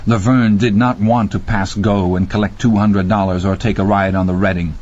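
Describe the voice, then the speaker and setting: Husky low-voiced male narrator. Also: steady tone, normal speed, a little mellow. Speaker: audiobook narrator. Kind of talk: horror audiobook narration. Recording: dull lo-fi audio.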